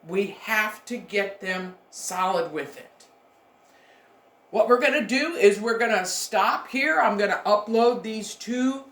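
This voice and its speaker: A middle-aged woman giving a recorded online lecture to her students as a university education instructor, emphatic and direct, repeating her key points. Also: mid-range voice. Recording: echoey room.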